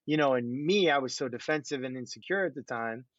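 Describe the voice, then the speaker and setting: A man's voice: medium pitch, fairly quick, no echo. A middle-aged man and former pro quarterback, telling stories about himself in a self-deprecating, laughing way in casual conversation. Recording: dull, dry muffled audio.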